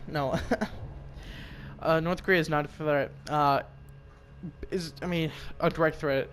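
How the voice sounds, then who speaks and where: A man's voice: on the high side, steady tone, measured pace, long pauses, a bit bright, slight background noise. A young American man giving profane, rambling commentary while playing a game, jumping between topics with asides. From United States. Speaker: gaming commentator. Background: music and gunfire from a game.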